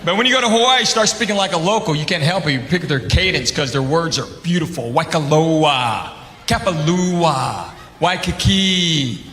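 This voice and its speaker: A man's voice: on the high side, quick pace, few pauses, bright, forceful tone. A man with a Southern American accent doing a stand-up comedy routine, telling drawling stories and laughing at his own punchlines. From United States. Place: theater stage before a live audience. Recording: roomy theater with audience laughter and background noise.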